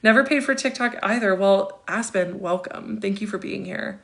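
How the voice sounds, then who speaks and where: A woman's voice: medium pitch, normal speed, vocal fry, a bit bright. A woman in her thirties hosting a casual livestream, reading viewer comments aloud and answering them with chatty asides and frequent laughs. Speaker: livestream host.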